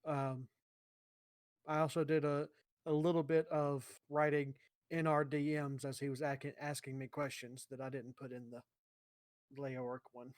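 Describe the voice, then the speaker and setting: A man's voice: mid-range voice, flat delivery, measured pace, darkish tone, dry recording, studio quality. A man chatting casually on a podcast about his own writing, rambling, with fillers and self-corrections.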